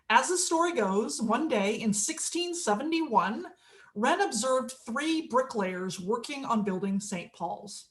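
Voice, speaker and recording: A woman minister giving a conversational sermon, telling stories and acting out quotes. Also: fairly high pitch. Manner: conversational storytelling with acted quotes.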